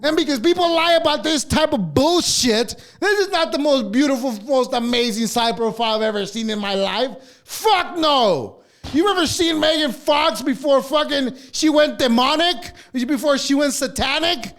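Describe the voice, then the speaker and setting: A man's voice: extremely high pitch, normal speed, fairly bright tone. A man co-hosting a podcast, ranting heatedly with constant swearing. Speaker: podcast co-host. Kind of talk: casual podcast rant.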